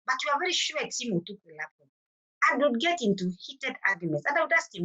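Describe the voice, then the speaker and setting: Kenyan woman, middle-aged, earnest personal testimony, acts out quoted exchanges, forceful tone. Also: on the high side, sing-song, fast talker, husky, lo-fi sound. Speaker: mother sharing her story as a forum guest.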